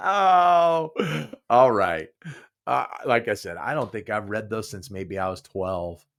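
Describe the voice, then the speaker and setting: On his solo podcast, a man in his sixties rambles in a relaxed way, chuckling and restarting often. He speaks slowly and with animation, his voice sitting on the low side.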